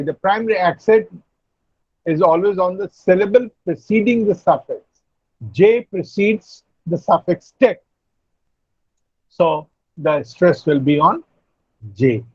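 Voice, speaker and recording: A man lecturing an online class, explaining slowly, repeating and spelling out words. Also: high-pitched, a little mellow, husky, no echo, dull audio. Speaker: university lecturer. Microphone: video call.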